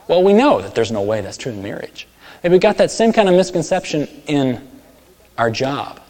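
A man preaching a sermon, telling stories and acting out characters with sudden loud, high outbursts. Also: very animated, moderate pace. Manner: storytelling, acts out voices with big swings in pitch and volume. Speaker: pastor. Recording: long hall reverb.

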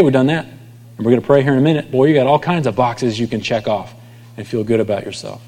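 A man's voice: medium pitch, a little mellow. Preaching man in a reverberant hall. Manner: conversational preaching, dropping to near whispers at line ends. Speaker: pastor. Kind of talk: sermon.

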